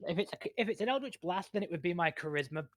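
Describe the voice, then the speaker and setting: Male player, slightly higher voice, casual rules chatter. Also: expressive, fast talker, no echo. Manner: talks through rules, describes his character's feelings. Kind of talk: casual tabletop game chat.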